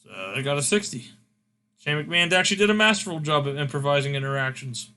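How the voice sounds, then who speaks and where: A man's voice: fairly high pitch, lively intonation, quick pace, pushed and bright. A man hosting a casual game recap, rambling with fillers as he scores each segment. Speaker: host.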